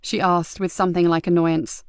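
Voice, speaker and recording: A woman reading a crime novel aloud as audiobook narrator, even and clear. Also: lowish voice, normal speed, no room sound, clean studio sound. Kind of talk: scripted narration.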